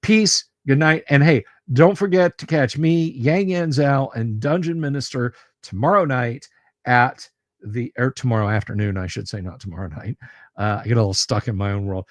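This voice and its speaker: A man's voice: mid-range voice, moderate pace, no echo. A man running a tabletop game on a livestream, talking in a casual, friendly way and often repeating words as he goes. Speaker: game master.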